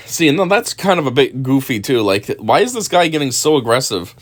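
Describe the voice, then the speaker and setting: A man talks through a scene in casual commentary. He rambles, chuckles often and fills his sentences with "like" and "um". His voice sits at an ordinary pitch. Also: very animated, a little fast, fairly bright tone. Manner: rambling, chuckling, lots of fillers. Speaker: video commentator.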